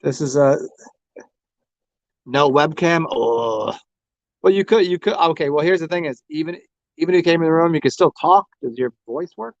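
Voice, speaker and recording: A man's voice: fairly high pitch, normal speed, long pauses, dry recording, highs cut off. An American man hosting a casual tarot livestream, rambling and crude, taunting the people who join. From United States. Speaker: livestream host reading tarot.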